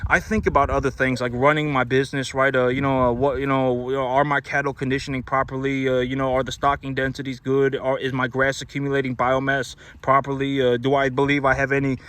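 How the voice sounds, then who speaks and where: A man's voice: mid-range voice, flat delivery, fairly quick, few pauses, a bit bright, smooth. A man, a cattle rancher, speaking in a blunt, lecturing monologue, repeating himself and restarting often. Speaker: cattle rancher and business owner. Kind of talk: casual monologue to camera.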